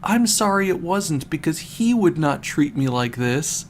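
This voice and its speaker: A man voicing a tired, scared young female bat who pleads and apologizes in a raised falsetto-like voice. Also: very animated, unhurried, a little hiss or hum. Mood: pleading.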